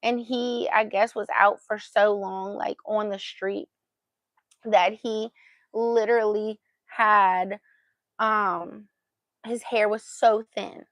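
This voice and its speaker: A woman's voice: medium pitch, fairly even intonation, slow pace, fairly bright tone, dry recording. A woman vlogger telling a story in a casual, chatty way and acting out what she said at the time. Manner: chatty, acts out her own past remarks.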